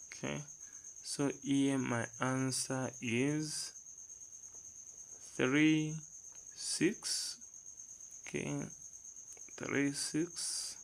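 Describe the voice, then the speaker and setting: A man's voice: medium pitch, creaky, fairly bright tone, low-quality recording. A man teaching a math lesson step by step, reading numbers aloud and asking the class rhetorical questions.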